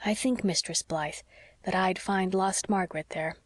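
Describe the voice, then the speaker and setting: A woman reading as a frail, gentle old sea captain. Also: medium pitch, moderate pace, no room sound, clean studio sound, close to an everyday voice. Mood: wistful.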